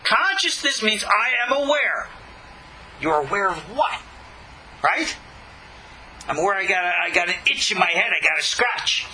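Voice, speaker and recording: A man teaching a recorded lesson, emphatic and animated, swinging his voice up and down to drive points home. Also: high-pitched, normal speed, long pauses, slight background noise, rough recording. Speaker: Kabbalah teacher.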